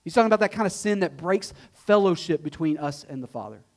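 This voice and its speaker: A man's voice: on the high side, expressive, quick pace. A male pastor preaching a sermon in a conversational way, tossing out rhetorical questions and repeating key points for emphasis. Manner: emphatic repetition.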